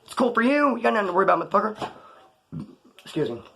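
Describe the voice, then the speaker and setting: A man's voice: high voice, very animated, very fast, creaky, a bit bright. A middle-aged man telling rambling prison stories in casual, profane street slang. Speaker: storyteller recounting prison life. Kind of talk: casual monologue.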